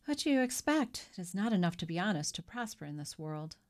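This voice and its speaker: A woman's voice: fairly low pitch, very animated, brisk, a little mellow. A woman reading an audiobook and voicing an eager, ingratiating male innkeeper who fusses over a guest. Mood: self-pitying. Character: fawning, flustered male innkeeper, middle-aged. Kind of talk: audiobook character voice.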